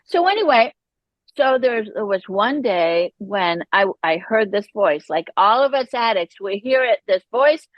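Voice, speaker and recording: A woman, a podcast guest, telling her personal recovery story in an animated way, acting out the voices she quotes. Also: medium pitch, measured pace, no echo, highs cut off.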